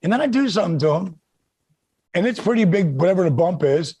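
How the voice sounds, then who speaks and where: A man's voice: high voice, quick pace, slightly rough, no room sound. A man hosting a podcast, telling a profane story in casual chat, swearing often and acting out the lines of others. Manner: animated, swears often, acts out shouted quotes. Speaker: podcast host.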